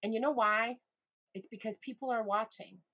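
A middle-aged woman as a podcast guest, talking in a casual, animated way and turning vivid when she retells moments from her life. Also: normal speed, slightly rough. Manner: animated storyteller, voice jumps high in retold moments. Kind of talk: casual interview chat.

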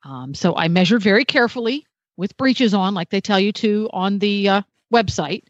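A woman's voice: mid-range voice, moderate pace, dry recording. A woman who regularly reviews gear on a radio talk show, chatty and full of small details, with a self-deprecating joke now and then. Her voice is mid-range and sounds dry and close. The audio is dull and lo-fi.

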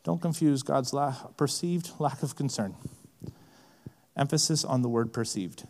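A man preaching a sermon, swinging from quiet, low asides to impassioned, rising appeals. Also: unhurried. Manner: impassioned, rising to shouts then dropping low. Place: large event hall.

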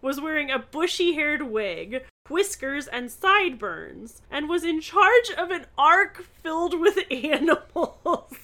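An animated woman co-hosts a casual book-recap podcast, reading passages aloud and breaking off into exasperated asides. Her voice is bright and lively and swoops up and down. She sits a little high for a woman. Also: slow, few pauses.

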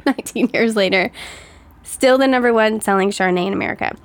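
A woman's voice: mid-range voice, fairly quick, dry recording. A woman co-hosting a casual chat, telling stories in a chatty way and laughing often. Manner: giggly, chatty storyteller. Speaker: co-host.

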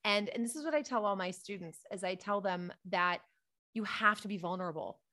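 A woman comedian, a guest on a podcast, telling stories in animated, quick bursts. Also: mid-range voice. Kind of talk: casual podcast chat.

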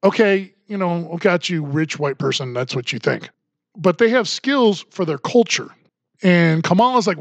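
A man's voice: high voice, animated, fairly quick, dry recording. A man hosting a political commentary podcast, ranting in a sarcastic tone. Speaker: podcast host.

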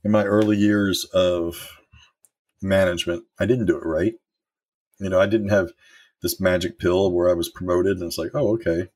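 Middle-aged man, low husky voice, candid storyteller giving a motivational leadership talk. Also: little pitch movement, normal speed, darkish tone. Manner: candid and storytelling, with occasional swearing. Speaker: former manager sharing leadership lessons.

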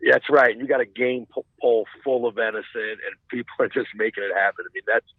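A man's voice: mid-range voice, steady tone, fast, narrow, tinny audio, crowd noise. A man chatting casually as a podcast guest, talking in rambling stretches full of restarts and asides. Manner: rambling, many restarts and "you know what I'm saying". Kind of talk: casual chat.

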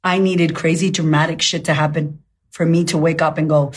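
Fiery, blunt woman coach, husky voice. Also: low-pitched, flat delivery, a little fast. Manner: blunt, fiery, swears freely. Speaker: life coach. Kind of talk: motivational live talk. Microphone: phone.

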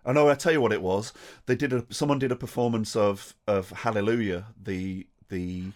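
A man in casual podcast chat, lively and sweary, laughing often and doing mocking impressions. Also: fairly low pitch, moderate pace. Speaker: podcast co-host.

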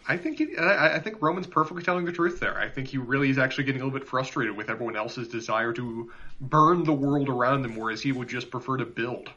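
A man's voice: mid-range voice, fast talker, bright, forceful tone. A man co-hosting a podcast, analyzing a TV episode in casual chat with earnest, playful remarks. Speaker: podcast co-host. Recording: dull lo-fi sound.

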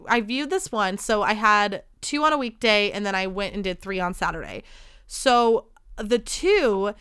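A woman's voice: a little high, a bit bright, smooth, no echo, clean studio sound. A woman in her thirties hosting a podcast, telling a rambling casual story with lots of "like" and free swearing. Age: 30s. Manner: chatty, rambling, swears freely, heavy use of "like". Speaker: podcast host.

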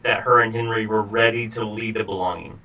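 Bright-voiced male podcast host, slightly distant. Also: fairly low pitch, steady tone, brisk, gravelly. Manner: thoughtful, sets up questions with examples. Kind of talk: conversational interview.

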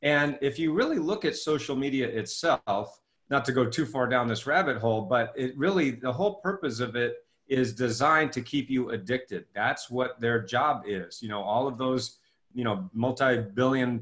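A middle-aged man, an author and coach, talking in an interview and telling a story with lively acted-out dialogue. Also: mid-range voice, moderate pace. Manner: animated storytelling, acts out his own past dialogue. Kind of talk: interview conversation.

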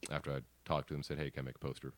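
Very deep-voiced man telling stories. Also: rapid-fire, dry recording. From American. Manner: animated storyteller, acts out quotes, swears casually. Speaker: guest, poster artist and co-founder. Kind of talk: casual storytelling interview. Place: studio.

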